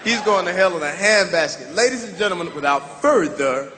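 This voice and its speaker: A man hosting a comedy roast, loud, excitable and profane. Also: sits high, brisk. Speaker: roast host. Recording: distant hall with crowd.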